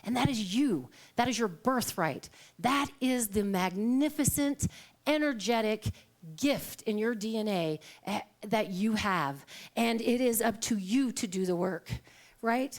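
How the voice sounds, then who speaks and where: A woman's voice: a little high, lively intonation, measured pace. A woman minister giving a chatty sermon. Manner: conversational, storytelling with acted quotes and laughter. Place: church sanctuary.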